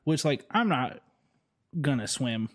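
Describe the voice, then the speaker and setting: A man chatting casually on a podcast, joking as he goes and drifting off into "um" and "like." He talks in a relaxed, meandering way, with a voice that sits at an ordinary middle pitch. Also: slow. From Southern United States. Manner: rambling, joking, trails off with fillers. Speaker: podcast co-host. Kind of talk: casual chat.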